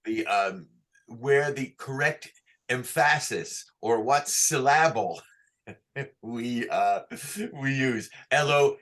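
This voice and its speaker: Bright-voiced male cantor teaching chant. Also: mid-range voice. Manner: patient, coaxing questions, sings phrases slowly. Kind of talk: online class, chanting examples.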